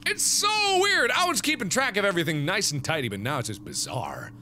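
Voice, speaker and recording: A man giving animated, joking let's play commentary, thinking aloud as he plays. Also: fairly high pitch, fast talker, slight background noise. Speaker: gaming video host.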